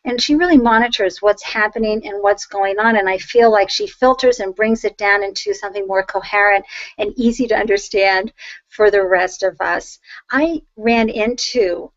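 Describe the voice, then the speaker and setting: A woman's voice: mid-range voice, moderate pace, no echo, muffled recording. A woman with a Boston accent hosting an interview show, gushing and effusive as she introduces her guest. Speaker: host.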